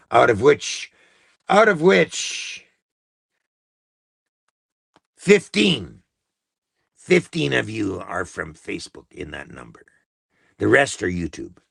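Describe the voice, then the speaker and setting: A man rants on a livestream, profane and exasperated. His voice is gravelly, his pitch swings widely, and the sound is close and dry. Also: bright, forceful tone, dry recording. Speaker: livestream host. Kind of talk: angry political rant.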